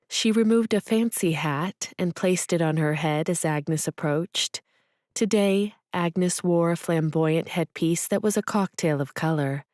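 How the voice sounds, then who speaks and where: A woman narrating a storybook romance in a measured, gentle manner, her voice low and her pace unhurried. The studio recording is close and completely dry. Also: dry recording. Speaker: audiobook narrator. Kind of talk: scripted narration.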